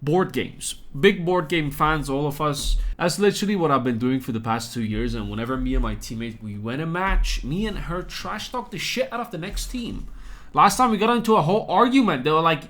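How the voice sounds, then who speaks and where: A man's voice: on the high side, expressive, a little fast, a bit bright. A young man hosting a casual commentary vlog, joking and crude in a chatty way. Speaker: commentary YouTuber.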